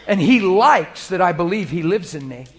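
A man preaching a sermon to a congregation in a conversational way, moving between quiet prayerful passages and playful, laughing stories. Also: sits high, animated, normal speed. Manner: conversational, shifts into soft spoken prayer and playful storytelling. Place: church room before a congregation.

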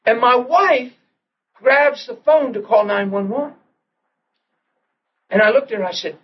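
A man preaching a sermon, telling a personal story with animated restarts and soft, hushed quoted prayers. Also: very high voice, a little slow, long pauses, highs cut off, a little hiss or hum.

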